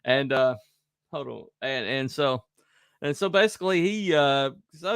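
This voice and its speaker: A man hosting a casual chat, telling a story in a lively way, acting out quotes in raised voices and laughing often. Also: mid-range voice, unhurried, gravelly, clear, resonant tone, no echo, clean studio sound. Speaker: host.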